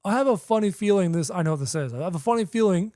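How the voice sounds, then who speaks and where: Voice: mid-range voice, expressive, very fast, warm tone, no room sound, studio quality. A young adult game streamer doing live gameplay commentary, chatty, talking to chat and repeating phrases while figuring things out.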